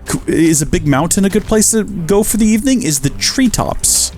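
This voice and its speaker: Chatty American man with a lively voice. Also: high-pitched, normal speed, faint music behind. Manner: chatty, jokey, talks to the animals. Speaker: let's player. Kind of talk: gameplay commentary.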